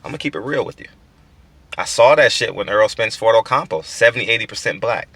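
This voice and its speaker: A man's voice: lowish voice, expressive, fast talker, pushed and bright, breathy edge. A man in his forties hosting a boxing channel, talking in a casual, profane, emphatic monologue with stammered restarts.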